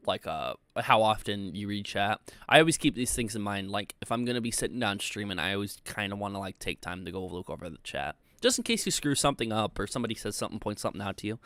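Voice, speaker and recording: A man's voice: on the low side, fairly bright tone, no room sound. A young man hosting a casual livestream, rambling loosely and reading chat messages aloud with plenty of filler words. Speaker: livestream host.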